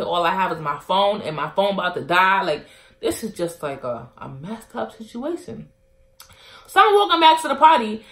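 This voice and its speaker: A young woman tells a personal story to her vlog camera. She talks casually and acts out both sides of a heated argument, with her voice swinging from low and quiet to loud and animated. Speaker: vlogger telling a story.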